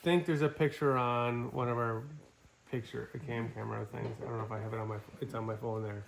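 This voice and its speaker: A middle-aged man from Wisconsin telling a hunting story in casual, animated talk. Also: mid-range voice, fairly quick, vocal fry, background noise. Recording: echoey room.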